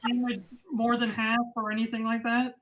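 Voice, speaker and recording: A woman running a tabletop game as game master, narrating the action and reading out rules in a casual, quick way. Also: a little high, little pitch movement, poor audio.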